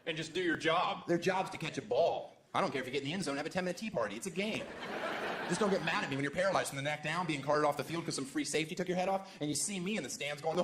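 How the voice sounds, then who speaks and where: Fairly high in pitch and quick with his words, a man from the US does stand-up on a large stage. His humor is sarcastic and provocative, punctuated by sudden exaggerated voices, and the roomy recording carries a loud, noisy crowd laughing and clapping.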